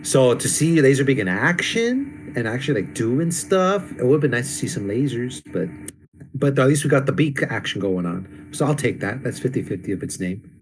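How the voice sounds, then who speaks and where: A man's voice: medium pitch, big pitch swings, moderate pace, a little hiss or hum. A man co-hosting a casual comic book discussion, laid-back, laughing often and trailing off into fillers. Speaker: podcast co-host.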